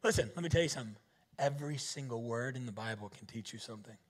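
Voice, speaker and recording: A man preaching a lively sermon, joking and firing rhetorical questions at the audience. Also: mid-range voice, quick pace.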